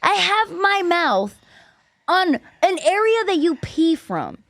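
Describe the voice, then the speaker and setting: Animated, foul-mouthed woman podcast host. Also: very high-pitched, slow, no echo, studio quality. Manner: blunt, profane and animated. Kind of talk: candid comedic podcast chat.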